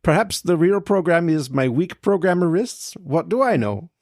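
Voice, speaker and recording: A man co-hosting a podcast who reads a listener letter aloud in an even, matter-of-fact way. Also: on the high side, normal speed, dry recording, studio quality. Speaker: podcast co-host.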